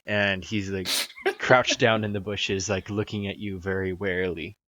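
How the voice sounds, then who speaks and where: A man narrating as game master of a tabletop game in a relaxed way, laughing between lines. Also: sits low, normal speed, no room sound, highs cut off.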